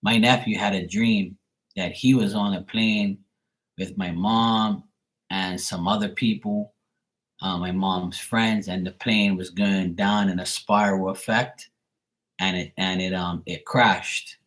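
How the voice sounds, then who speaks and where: Deep-voiced man chatting casually on a livestream. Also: fairly even intonation, slow pace, a bit bright. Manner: rambling, profane, storytelling. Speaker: tarot reader on a livestream. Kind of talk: casual livestream chat with viewers.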